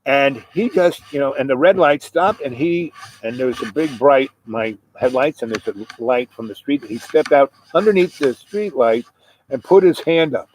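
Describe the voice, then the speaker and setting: A man's voice: mid-range voice, normal speed, darkish tone, slight background noise, rough recording. A man telling a casual anecdote in a rambling way, restarting sentences and chuckling now and then. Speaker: storyteller.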